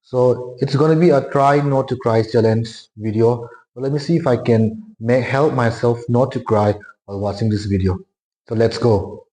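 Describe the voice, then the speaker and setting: A man opens his reaction video with a friendly, informal intro, stumbling a little as he goes. His voice is mellow and mid-pitched, recorded in an echoey room. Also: moderate pace. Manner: friendly and informal, with small restarts.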